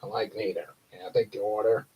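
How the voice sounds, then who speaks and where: A man doing a grumpy, low cartoon squid cashier. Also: steady tone, quick pace, breathy edge. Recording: dull lo-fi stream audio.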